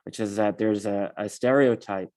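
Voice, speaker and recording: Man, low voice, workshop facilitator, measured, filler-heavy, video call. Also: steady tone, darkish tone. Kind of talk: online training session.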